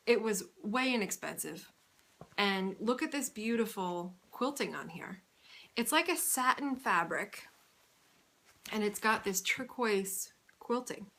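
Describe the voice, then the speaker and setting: A woman's voice: medium pitch, lively intonation, measured pace, bright, forceful tone. A woman hosting her own video podcast, chatting in a gushing, rambling way at home with frequent laughter. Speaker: podcast host. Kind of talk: casual video podcast chat. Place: indoors at home under a bright light.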